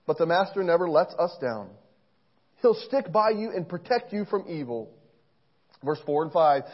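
A man preaching a sermon in an earnest, storytelling way, swinging between soft asides and loud emphasis. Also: fairly high pitch, very animated, normal speed, lo-fi sound. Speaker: pastor.

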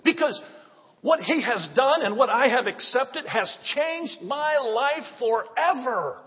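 A male pastor preaching an excited sermon, with call-and-response lines and drawn-out phrases. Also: very high voice. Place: church sanctuary. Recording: dull sound, long church reverb.

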